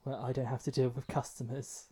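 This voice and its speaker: This book podcast co-host is a man whose husky, dark, mid-range voice stays level in tone and moves fairly quickly. He chats casually, his phrasing loose and hesitant with frequent restarts and filler words.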